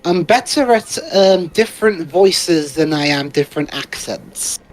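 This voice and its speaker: A man's voice: on the high side, animated, a little slow, rough recording. A man co-hosting a casual gaming chat, hesitant and stumbling, trying out silly accents. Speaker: co-host.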